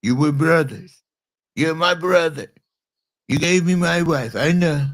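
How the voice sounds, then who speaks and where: A man's voice: on the high side, unhurried, close to an everyday voice. A man doing a pompous blustering politician. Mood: grandstanding. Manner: repetitive, grandstanding. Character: pompous blustering male politician, self-important. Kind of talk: comedic impression skit.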